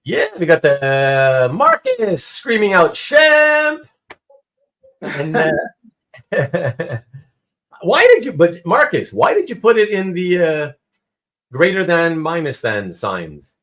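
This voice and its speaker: Slow and a little high-voiced, a Canadian host chats with viewers on a casual live stream from his home. He animatedly tells a story and acts out its quotes as he goes.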